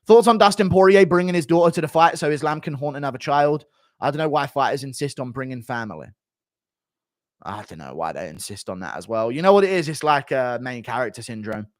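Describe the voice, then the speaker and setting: A man hosting a casual live stream, loud and animated, swearing and laughing at his own jokes. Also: medium pitch, fairly quick, no echo, studio quality. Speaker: streamer host.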